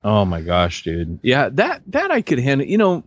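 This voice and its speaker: A man's voice: mid-range voice, normal speed, no echo, highs cut off. A man in his forties, a podcast co-host telling a story in casual chat and acting out the voices. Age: 40s. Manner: animated storyteller, acts out voices.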